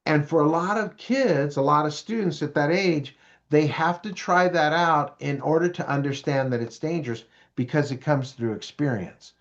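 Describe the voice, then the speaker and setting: Animated man with a higher voice. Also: moderate pace. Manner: animated, storytelling, asks the audience questions. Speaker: prevention speaker for parents. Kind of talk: parent education presentation. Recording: dull lo-fi recording.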